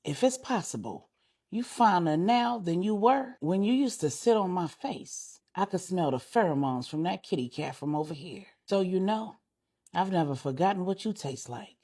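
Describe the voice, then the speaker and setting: A woman voicing an older Jamaican crime boss who speaks in a thick patois accent, low and brazen. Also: expressive, normal speed, warm tone, breathy edge, full character voice. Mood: flirtatious.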